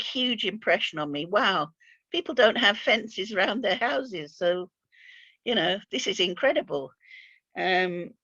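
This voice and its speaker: An older woman telling of her years abroad in an unhurried, reflective way, pausing often with fillers and repeating words as she gathers her thoughts. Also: fairly low pitch, a bit bright, no room sound, dull audio. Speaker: interview guest recalling mission years.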